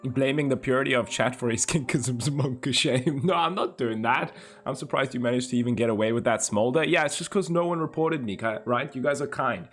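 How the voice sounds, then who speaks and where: A young man streaming live, chatting casually and teasingly with his viewers and swearing freely. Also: medium pitch. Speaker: livestreamer.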